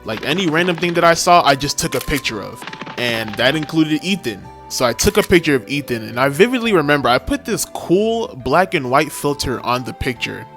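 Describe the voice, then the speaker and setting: Animated young man telling a funny story. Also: on the high side, a little fast. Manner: animated, slangy, self-mocking. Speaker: storytime vlogger. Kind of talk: comedic storytime narration. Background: music.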